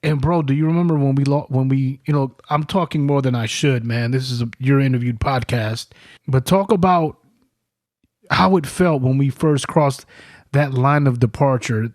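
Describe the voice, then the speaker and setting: A man hosting a podcast, telling stories in a profane, animated, casual way. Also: mid-range voice, dry recording, studio quality. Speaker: podcast host. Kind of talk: casual chat. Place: studio.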